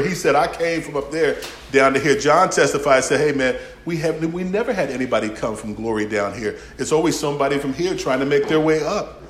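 A man preaching a sermon, telling lively stories and acting out dialogue. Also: a little high, roomy sound, slight background noise.

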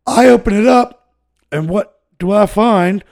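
A man's voice: high voice, measured pace, creaky, darkish tone, no echo, clean studio sound. A man casually telling a long, profane story to friends, rambling and laughing at himself. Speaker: podcast co-host telling a story.

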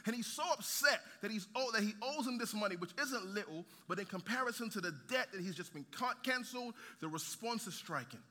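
A man preaching a sermon, lively, with rhetorical questions and light humor. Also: high voice, brisk, hardly any pauses. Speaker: pastor. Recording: reverberant hall.

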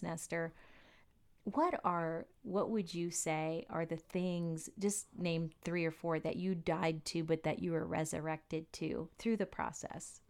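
A woman hosts a podcast, speaking in a very low, flat register with a smooth, clean tone. She affirms her guest softly and poses thoughtful questions. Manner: gentle, affirming, asks reflective questions. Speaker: podcast host. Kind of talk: interviewing, casual conversation.

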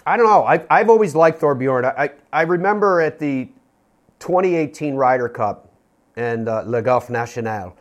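A man's voice: mid-range voice, lively intonation, moderate pace. A man hosting a golf radio show, talking casually, reeling off names and often restarting his sentences. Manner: rambling, self-correcting, reels off names. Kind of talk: casual sports radio talk.

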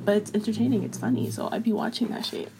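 A young woman co-hosting a casual gossip chat, laid-back and slangy with quick reactions. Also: on the high side, steady tone, creaky, noisy background.

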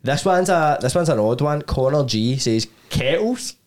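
A Scottish man co-hosts a casual podcast, his voice sitting at an ordinary middle pitch. He jokes loosely with his friend and reads listener messages aloud. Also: animated, moderate pace. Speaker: podcast co-host. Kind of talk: casual chat.

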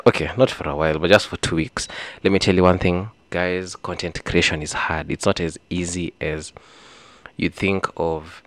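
A man's voice: low-pitched, fairly bright tone, no room sound. A young Kenyan man with a Kenyan accent hosting a solo podcast, chatting casually and mixing in slang and Swahili phrases. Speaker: podcast host.

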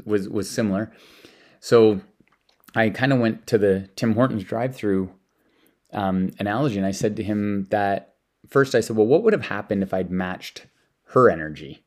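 Deep-voiced man telling stories. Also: darkish tone. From Canada. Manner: rambling, with frequent repeated words and restarts. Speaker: parent telling life-lesson stories. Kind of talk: casual storytelling.

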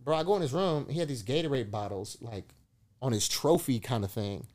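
A man's voice: mid-range voice, a little fast. A middle-aged man, a motivational speaker, chatting casually on a podcast, acting out dialogue in his stories and swearing freely. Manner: animated storyteller who acts out dialogue, swears freely.

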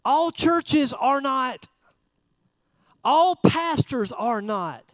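Pastor, male, folksy conversational sermon, very high voice, dry close sound. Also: dry recording. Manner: conversational, folksy preaching with direct audience questions. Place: church service.

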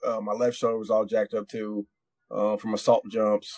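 A man's voice: fairly low pitch, flat delivery, moderate pace, warm tone, no room sound. A man, a military veteran, tells a war story on a podcast in a rambling, profane way, with many restarts. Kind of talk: casual storytelling.

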